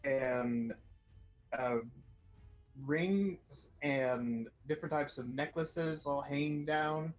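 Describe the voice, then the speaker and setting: A man narrating as game master of a tabletop game, talking slowly and hesitantly with many fillers. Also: on the high side, low-quality recording. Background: faint background music.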